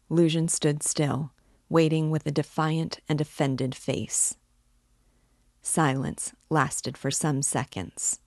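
A woman reads a classic novel aloud at a measured, unhurried pace. Her voice is low. The recording is close and dry. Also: flat delivery, gravelly, a little mellow, no echo. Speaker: book club reader.

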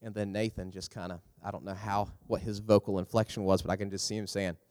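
A man giving a youth sermon in a lively, storytelling manner, acting out the characters as he talks. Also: fast talker. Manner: animated, acts out characters with big pitch jumps. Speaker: youth pastor. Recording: long hall reverb.

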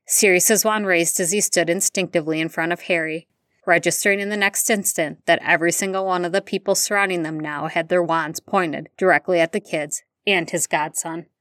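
A woman reading fan fiction aloud in steady, even narration. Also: lowish voice, brisk, no room sound, clean studio sound. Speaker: audiobook reader.

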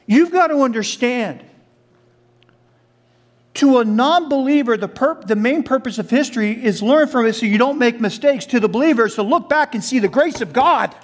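Pastor, male, high voice, animated sermon storyteller who talks to the congregation. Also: moderate pace. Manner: addresses the congregation directly.

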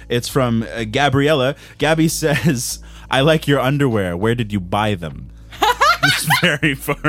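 A man co-hosts a casual comedy podcast, joking and poking fun at himself. His voice has a lively, shifting pitch, with soft music faintly behind. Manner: jokey, self-deprecating. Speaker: podcast co-host.

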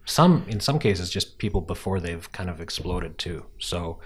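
A man with a very low voice talks casually in a podcast interview. He is a film director with a wry, self-deprecating way of telling stories, dropping dry jokes as he goes. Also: expressive, normal speed, husky.

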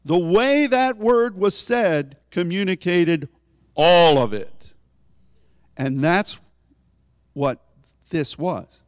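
A man preaching a conversational sermon, often rising in pitch for emphasis as he explains a scripture. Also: animated, drawn-out words, pauses often, smooth, no room sound, studio quality.

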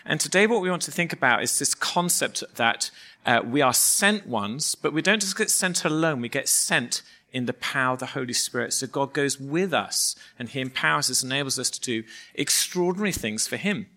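A man's voice: mid-range voice, animated, moderate pace, bright, forceful tone. A man, preaching a sermon in a conversational, storytelling way with touches of humour. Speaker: pastor.

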